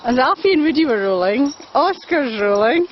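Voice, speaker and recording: A woman filming on her phone while walking a pack of dogs outdoors, chatting and calling to the dogs in a high sing-song voice. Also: expressive, moderate pace, highs cut off, noisy background. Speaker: dog daycare walker filming a walk. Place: outdoors in woods and fields by a loch. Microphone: phone camera held while walking.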